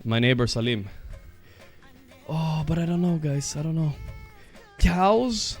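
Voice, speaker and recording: A man's voice: a little high, normal speed, soft background music. Breathless man streaming while walking. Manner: chatty, swears, loud outbursts. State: slightly out of breath, walking on treadmill. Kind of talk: casual stream chat.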